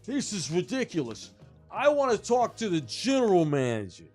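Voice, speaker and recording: A man voicing a drunk, belligerent older man with a New York accent who curses and shouts. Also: sits high, wildly swooping pitch, normal speed, faint music behind, voice pushed up, heavily acted. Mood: furious.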